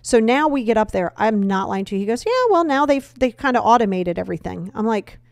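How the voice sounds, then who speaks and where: A woman's voice: a little high, expressive, a little fast, no echo, clean studio sound. A middle-aged woman hosting a podcast, telling a personal story and acting out both sides of a conversation. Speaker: podcast host. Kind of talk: storytelling monologue.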